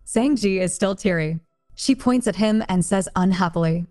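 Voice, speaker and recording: A woman reads a translated romance novel aloud in short, plain sentences, her voice sitting at an ordinary mid pitch. Her delivery stays even and unhurried. Soft music plays faintly behind her. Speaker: audiobook narrator.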